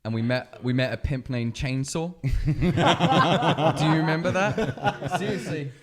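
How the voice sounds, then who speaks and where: A man's voice: on the high side, takes it slowly, a loud crowd. A man co-hosting a studio podcast from Canada, telling crude stories with lots of laughter. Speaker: podcast co-host. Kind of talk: casual podcast chat.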